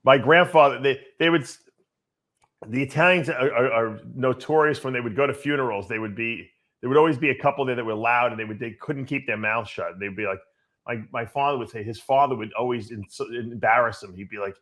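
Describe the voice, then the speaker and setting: A man co-hosts a podcast and chats in an animated, casual way. He stacks up repeated words as he builds his point. His voice sits at a middle pitch. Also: fairly quick. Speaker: podcast co-host. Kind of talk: casual chat.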